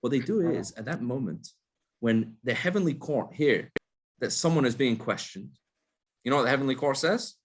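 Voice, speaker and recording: Rabbi teaching, asking himself questions. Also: male voice, mid-range voice, animated, moderate pace, breathy edge. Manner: explains step by step, asks and answers his own questions; frequent restarts and repeated words. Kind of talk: casual spoken Torah class.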